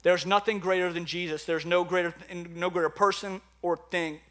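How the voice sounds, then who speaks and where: A man preaching a sermon, telling stories with lively energy and acting out his own panic in quick bursts. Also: sits high. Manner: animated storytelling, acts out his own panic. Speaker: pastor.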